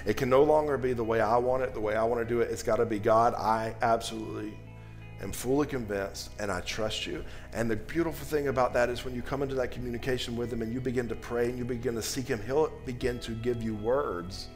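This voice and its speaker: A male pastor delivering a sermon with a mid-pitched voice. He swings between loud, pressing emphasis and hushed, low-voiced moments. Faint music plays underneath. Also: steady tone, fast talker, hardly any pauses.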